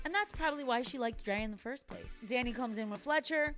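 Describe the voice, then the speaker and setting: A woman's voice: a little high, a little fast, fairly bright tone, soft background music. A woman in her thirties casually recapping and reacting to a TV episode, chatty and wry, with playful asides. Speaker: TV recap vlogger.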